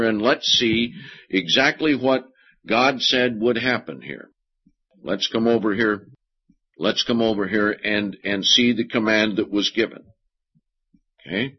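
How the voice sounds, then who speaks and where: A man preaching a sermon and reading scripture aloud, slowing down deliberately to stress key words. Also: medium pitch, slightly rough. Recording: dull lo-fi sermon recording.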